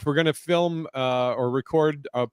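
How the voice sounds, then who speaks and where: A man in his thirties hosting a casual podcast, telling stand-up stories in a lively, swearing, laughing way. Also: a little high, normal speed, smooth, dry recording. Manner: animated storyteller, swears freely, laughs a lot. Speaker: podcast host and comedian. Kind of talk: casual podcast chat, storytelling.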